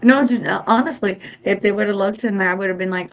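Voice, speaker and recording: A woman's voice: mid-range voice, a little fast, rough recording. A woman in casual stream chat, telling stories, cutting in and swearing. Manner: chatty, interrupts, swears.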